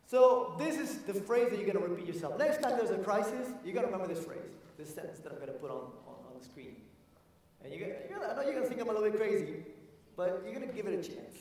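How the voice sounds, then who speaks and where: A man giving an energetic motivational conference talk. He repeats his key phrases and asks the audience questions. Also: high-pitched, fast. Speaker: keynote speaker. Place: large conference hall. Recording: echoey hall from far off.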